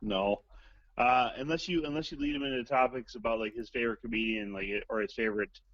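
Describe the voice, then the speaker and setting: A man's voice: medium pitch, a little fast, fairly bright tone, no echo. Crude rambling man on dull phone line. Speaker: caller guest. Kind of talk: casual phone chat.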